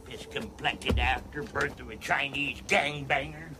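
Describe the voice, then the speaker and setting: A man's voice: medium pitch, a little slow, bright, forceful tone, faint music behind. An actor playing a foul-mouthed angry homeless man who swears and rants insults, heard in a film clip. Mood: ranting.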